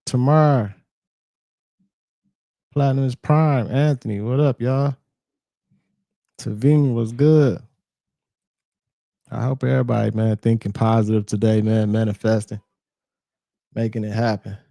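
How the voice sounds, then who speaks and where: Man, live-stream host, laid-back drawl, gravelly low voice, dry close sound. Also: fairly even intonation, measured pace, pauses often, warm tone, no room sound. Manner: laid-back, drawling, greets chat by name. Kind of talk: casual live-stream chat.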